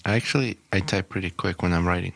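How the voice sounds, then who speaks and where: A low-voiced man co-hosting a laid-back beer podcast, with plain, matter-of-fact delivery. The sound is close and dry, with no room echo. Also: quick pace, gravelly. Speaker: podcast co-host. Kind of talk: casual chat over beers.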